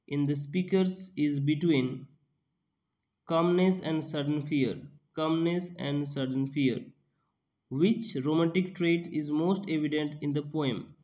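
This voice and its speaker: Male exam-prep tutor, slightly high pitch, slow and repetitive delivery with restarts. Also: mellow. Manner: slow, repeats each question and answer, frequent restarts. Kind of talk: reading out and explaining quiz questions.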